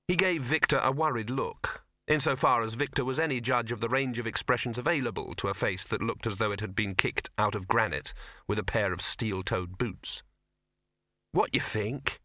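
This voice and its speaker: A man narrating a comic fantasy novel as an audiobook reader, telling it with lively expression. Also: mid-range voice, a little fast, no echo, clean studio sound.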